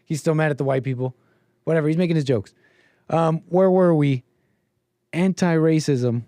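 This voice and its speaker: A man hosting a casual livestream, his voice sitting a little high for a man. He rambles and hesitates, piling up fillers and restarts. The sound is close and dry, with no room around it. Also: normal speed, mellow, no room sound. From Canada. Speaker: livestream host taking calls.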